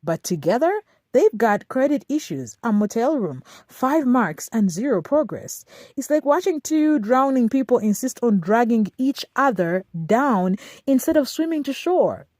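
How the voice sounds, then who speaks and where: A woman's voice: on the high side, big pitch swings, measured pace, a little mellow, dry recording, clean studio sound. A woman narrating scripted commentary in a dramatic, emphatic way, with short punchy phrases.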